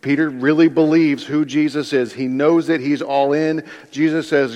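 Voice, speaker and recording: A man's voice: medium pitch, normal speed, few pauses. A male pastor giving a conversational sermon, often restarting his sentences and acting out quotes. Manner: conversational, animated preaching with frequent restarts and acted-out quotes. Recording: long hall reverb.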